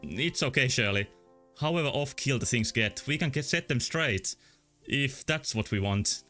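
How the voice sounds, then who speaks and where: Bright-voiced man reading game text. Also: medium pitch, expressive, normal speed, faint music behind. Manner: reads text in a plain voice, then jokes and reacts. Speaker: let's play streamer. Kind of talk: reading game dialogue aloud and commenting.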